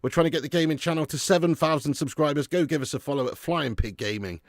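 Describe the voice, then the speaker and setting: A man hosting a live match watch-along, chatting excitedly with viewers and calling them mate and lad. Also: a little high, quick pace, dry recording, studio quality. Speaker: fan channel host doing a live match watch-along. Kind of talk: casual live-stream commentary and chat.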